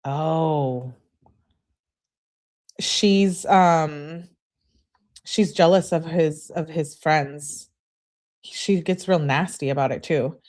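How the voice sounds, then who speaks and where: A woman's voice: deep voice, steady tone, takes it slowly, a little mellow. A woman giving casual true crime commentary with blunt, sarcastic asides while reading texts and chat comments.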